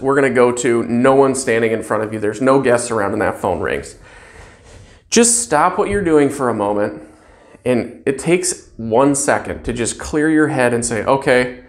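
A front desk trainer giving a staff training talk in an upbeat, emphatic way, stressing key words in repeated lists and acting out cheerful phone greetings. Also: mid-range voice.

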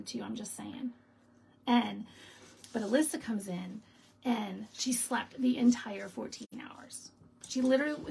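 A woman's voice: on the high side, gravelly, darkish tone, husky, low-quality recording. A middle-aged woman hosting a casual crafting live stream, telling a story with frequent laughs. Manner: chatty storytelling, laughing often. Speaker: stamping demonstrator and show host. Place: home craft room.

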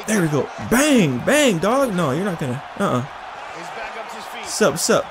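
Male gamer, high and very animated, trash-talking over a roaring game crowd. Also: a little fast. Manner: excitable, yelps and laughs, trash-talks the opponent. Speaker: gamer playing a fight game. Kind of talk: excited let's-play reactions. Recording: game arena crowd noise behind. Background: video game crowd noise.

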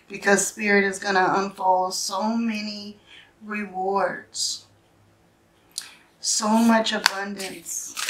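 Slow, earnest woman tarot reader. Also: medium pitch, slight background noise. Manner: earnest, emotional, speaks in short halting phrases with frequent "right?". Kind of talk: spiritual tarot reading, personal storytelling.

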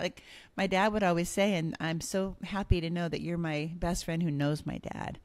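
Soft-spoken woman podcast host. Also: fairly low pitch, fairly even intonation, normal speed, no room sound. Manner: warm, grateful, soft-spoken with restarts. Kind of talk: casual chat.

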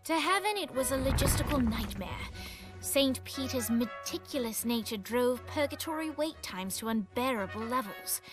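A woman narrating a game cutscene in a measured, wry storytelling manner. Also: high-pitched, lively intonation, over music.

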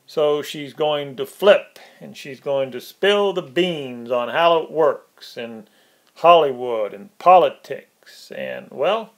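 A man's voice: a little high, animated, slow pace. A man ranting in political commentary, sarcastic and mocking; he speeds up and gets worked up, laughing at his own jabs.

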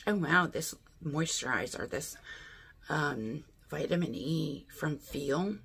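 A woman's voice: low-pitched, animated, slow pace, creaky, a bit bright, breathy edge. A woman chatting casually through a beauty box unboxing, thinking aloud and asking her viewers what she should do. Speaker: beauty vlogger.

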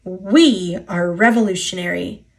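A woman's voice: fairly low pitch, unhurried, gravelly, rough recording. A woman voicing a smug male diesel engine who talks in an oily, boastful way.

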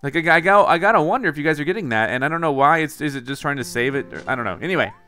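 A man's voice: a little high, animated, rapid-fire, pushed and bright, clear, resonant tone, soft background music. A man doing chatty let's play commentary on a mobile game, wondering aloud and talking to his viewers. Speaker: gaming YouTuber.

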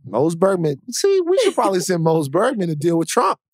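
A man's voice: high-pitched, wildly swooping pitch, a little fast, no echo. Male podcast co-host, emphatic and rhythmic, dry close mic. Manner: emphatic, preacher-like building cadence. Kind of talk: casual podcast chat.

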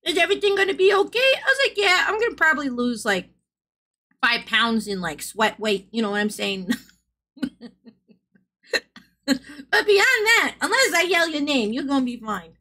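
Giggly bright-voiced woman streamer. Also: sits high, big pitch swings, a little slow, pauses often. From American South. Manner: giggly, loud, swears freely. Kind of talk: casual live-stream chat.

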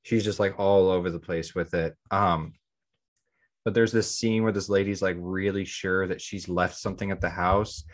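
A man's voice: deep voice, fairly even intonation, moderate pace. A man co-hosting a podcast in casual chat, rambling, leaning on "like" and often restarting his sentences. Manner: rambling, heavy use of "like". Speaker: podcast co-host.

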